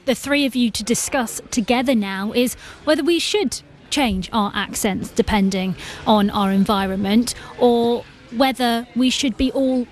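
Brisk higher-voiced woman presenter. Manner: brisk, quick to hand over to guests. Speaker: radio presenter. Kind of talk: live radio news presenting.

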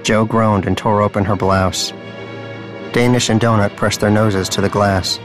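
Man, audiobook narrator, deadpan, dry delivery, low pitch, soft music behind. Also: a little slow. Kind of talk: scripted narration.

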